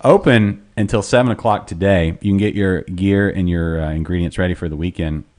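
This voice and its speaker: A man co-hosting a live-stream talk show, loud and jokey, laughing often. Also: low-pitched, a little fast. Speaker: podcast co-host. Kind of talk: casual live-stream chat.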